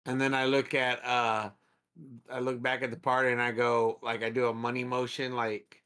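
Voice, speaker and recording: A man's voice: mid-range voice, flat delivery, normal speed, sharp tone, smooth. A man playing a tabletop game, chatting and describing his gestures with lots of fillers. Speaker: player. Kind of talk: casual tabletop play.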